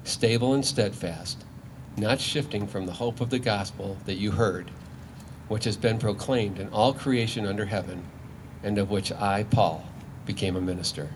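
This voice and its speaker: A man with a fairly low voice reads a scripture passage aloud during a church service. His delivery is measured and formal, with faint noise in the background. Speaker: scripture reader.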